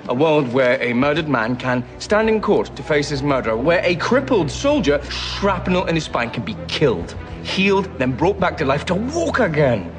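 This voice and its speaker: A man's voice: on the high side, big pitch swings, normal speed, few pauses, over music. An actor playing a theatrical young male mad scientist, declaiming film dialogue. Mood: grandiose.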